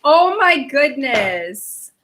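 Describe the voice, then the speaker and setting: A young woman co-hosts a casual home livestream in a bright, tense-edged voice that sits a little high. She gushes and tells her stories loosely, filling the gaps with plenty of "um"s. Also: very animated, drawn-out words, slight background noise. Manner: gushing, storytelling with fillers. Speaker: co-host, fiancée.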